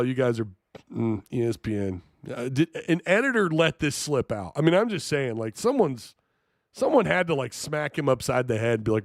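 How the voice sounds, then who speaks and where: A man's voice: fairly high pitch, no room sound, studio quality. A man hosting a live-streamed sports talk show, reading chat and reacting in an incredulous, jokey way.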